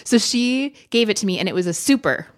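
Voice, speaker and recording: A woman's voice: mid-range voice, a little fast. A woman co-hosting a podcast, telling stories in casual chat, laughing often and acting out what others said. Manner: animated storyteller, laughs often and acts out quotes. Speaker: podcast co-host.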